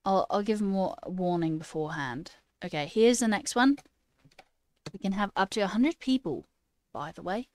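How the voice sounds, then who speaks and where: A woman's voice: medium pitch, expressive, normal speed, a little mellow, no echo. A woman chatting casually on a live stream, playfully putting on a mock British accent and laughing often as she reads chat aloud. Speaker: livestreamer and new software engineer.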